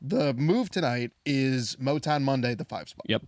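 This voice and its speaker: A man's voice: medium pitch, normal speed, no room sound. A young man co-hosting a podcast, telling a story in casual chat and acting out the people in it. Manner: animated storyteller, quotes people in voices. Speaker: podcast co-host.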